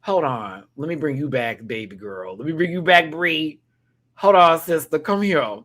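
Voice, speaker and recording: A man giving a casual, sassy review of a reality show, swinging from loud outbursts to hushed asides and laughing often. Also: fairly high pitch, moderate pace. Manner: laughs often while talking. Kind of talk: casual reaction commentary.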